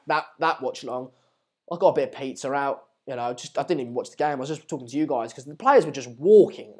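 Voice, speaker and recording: A young man hosts a live stream, talking loosely with lots of ums and restarts. He answers viewers as he goes and gets worked up when the play picks up. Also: fairly high pitch. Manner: chatty, reads out and answers viewer messages, many fillers and restarts; excitable bursts during match updates. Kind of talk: casual live watchalong commentary and chat.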